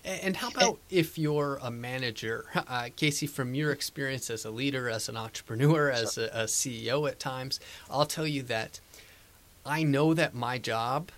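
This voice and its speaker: Halting male interview host. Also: mid-range voice, a bit bright. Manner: halting, searching for words, many fillers. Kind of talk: casual interview questions.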